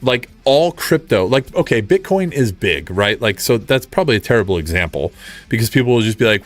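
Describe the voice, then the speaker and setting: A man at a home streaming setup rants casually to his viewers, circling back over the same points with sarcastic asides. His voice sits at an ordinary middle pitch. Soft music plays quietly behind him. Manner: animated ranting, repeats himself, sarcastic asides. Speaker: livestream host. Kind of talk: casual ranting chat.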